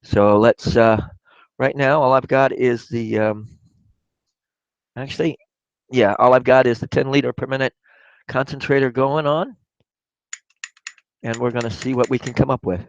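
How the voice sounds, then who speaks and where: A man with a raspy voice from a cough, chatting casually to viewers on a live stream while he works on glass pieces. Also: medium pitch, steady tone, moderate pace, pauses often, dry recording, dull audio. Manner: rambling, talks to viewers while working.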